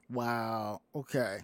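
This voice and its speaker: A podcast host chatting casually in a rambling way, with lots of restarts and asides. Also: medium pitch. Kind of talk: casual chat.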